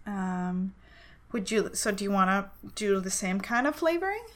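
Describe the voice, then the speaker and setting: A woman's voice: mid-range voice, big pitch swings, moderate pace, a bit bright. A woman co-hosting a casual chat, talking in an easygoing, conversational way. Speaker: podcast co-host.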